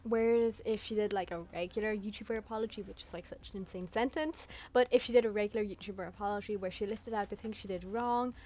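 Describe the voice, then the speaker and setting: A woman's voice: mid-range voice, steady tone, fast talker, few pauses, mellow. Blunt, chatty young woman. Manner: candid, chatty, blunt, swears freely. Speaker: YouTube commentator. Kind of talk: casual commentary vlog.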